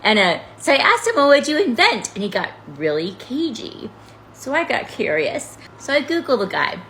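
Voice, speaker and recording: A woman recounts a dating story in a casual, wry way, laughing here and there. Her pitch swings widely as she talks. A faint background hum sits under her voice. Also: very animated, normal speed, a bit bright, poor audio. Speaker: TikTok storyteller.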